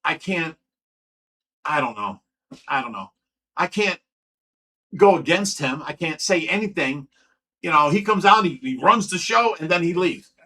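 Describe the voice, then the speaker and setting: A man's voice: on the high side, lively intonation, a little slow, pauses often, bright, forceful tone, poor audio. A middle-aged man from Ohio hosting a casual livestream, talking bluntly and heatedly in long rambling stretches, swearing often and restarting his sentences. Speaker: fish rescue owner and livestream host.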